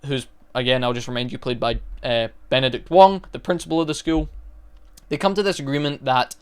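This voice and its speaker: A man's voice: mid-range voice, fairly even intonation, brisk, clear, resonant tone. A man recapping a horror movie in a casual, rambling way, stopping often to correct himself. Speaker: movie reviewer.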